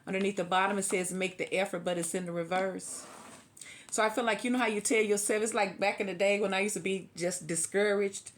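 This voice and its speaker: A woman's voice: medium pitch, steady tone, fairly quick. A woman giving a casual tarot reading, chatty and preachy, laughing often. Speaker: tarot reader.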